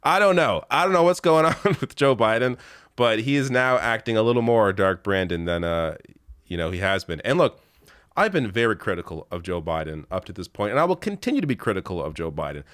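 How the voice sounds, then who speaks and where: A man's voice: on the low side, sing-song, brisk, a bit bright, dry recording. Exasperated male political commentator, dry sound. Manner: exasperated, sarcastic, rattles off lists.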